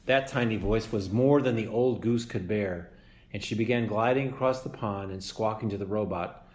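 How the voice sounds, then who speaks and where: A man reading a children's book aloud as a guest reader, in a steady, measured narration. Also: lowish voice. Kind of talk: storybook read-aloud. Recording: echoey room.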